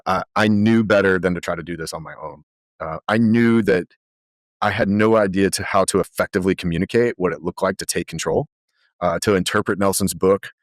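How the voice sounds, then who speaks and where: A man guesting on a podcast, telling animated stories full of fillers in a conversational way. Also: low voice, dry recording, studio quality. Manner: animated, lively storyteller with frequent fillers. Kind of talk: conversational storytelling.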